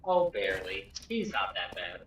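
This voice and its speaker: A man co-hosting a gaming livestream, chatting in an offhand, lively way. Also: high voice, normal speed, gravelly. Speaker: livestream co-host. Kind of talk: casual chat. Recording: roomy, distant, noisy mic.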